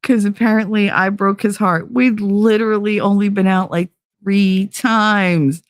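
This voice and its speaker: A woman's voice: mid-range voice, fairly even intonation, a little slow, no echo, studio quality. A woman, hosting a podcast and telling a rambling, profane story, laughing as she goes. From New Jersey. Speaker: podcast host. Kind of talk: casual storytelling chat.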